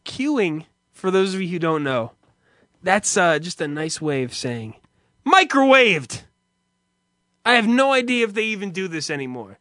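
A man with a high, bright, sharp voice rambles through profane stories and laughs as he talks. The sound is dry and close. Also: big pitch swings, unhurried, dry recording. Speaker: streamer host. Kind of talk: casual profane monologue.

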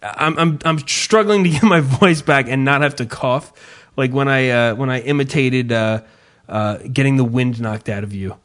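A man on a podcast telling a long story in casual chat, swearing freely and mocking himself, and shouting the lines he quotes. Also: medium pitch, normal speed. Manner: profane, self-mocking storyteller who yells his own quotes. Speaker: podcast host.

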